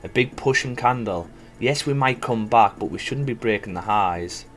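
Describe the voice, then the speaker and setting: A man's voice: fairly low pitch, moderate pace, fairly bright tone, soft background music. A man giving casual live commentary as a forex trader, thinking aloud and chatting to viewers. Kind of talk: live trading stream commentary.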